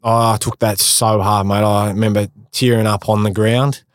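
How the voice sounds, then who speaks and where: An Australian man with a lowish voice tells stories in a podcast interview, candid and self-mocking, slipping into slang. The sound is dry and close, with no room around it. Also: little pitch movement, normal speed, no room sound. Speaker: guest, former pro footballer.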